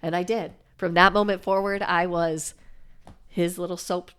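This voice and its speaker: A woman co-hosting a podcast, chatting casually and telling a lively anecdote, acting out the voices of the people in it. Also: fairly low pitch, normal speed, clean tone. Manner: animated storyteller acting out quoted voices. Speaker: podcast co-host. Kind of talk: casual chat, storytelling.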